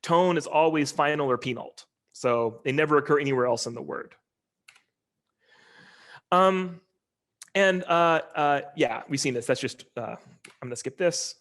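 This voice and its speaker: A man giving an informal linguistics lecture over a video call, talking in a relaxed, conversational way with many ums and uhs. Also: a little high, unhurried, long pauses.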